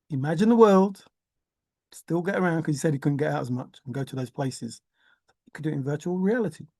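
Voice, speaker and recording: Slow, mellow older woman musing aloud. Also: lowish voice, no room sound. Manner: repeats words in singsong, hums and laughs to herself. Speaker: treasure hunt vlogger. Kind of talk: rambling musing monologue.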